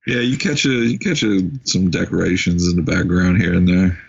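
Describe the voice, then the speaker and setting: A man's voice: sits low, fairly even intonation, moderate pace, gravelly, slightly rough. A man co-hosting a casual movie chat, chiming in with short comments. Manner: brief interjections, adds short comments. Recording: dull lo-fi recording.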